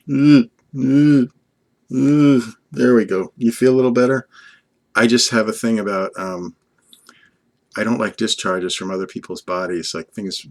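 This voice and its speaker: An older man from Long Island speaks in a slightly low voice, rambling on earnestly in a casual vlog. He talks fondly to an unseen companion, piling on praise and drifting between thoughts. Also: a bit bright. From Long Island, USA. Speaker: vlogger.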